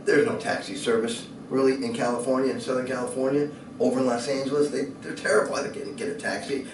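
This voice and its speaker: A man telling a personal story in a lively way, at times shouting and laughing. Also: medium pitch, fast talker, background noise. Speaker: speaker. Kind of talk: animated storytelling. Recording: echoey room from a distant mic.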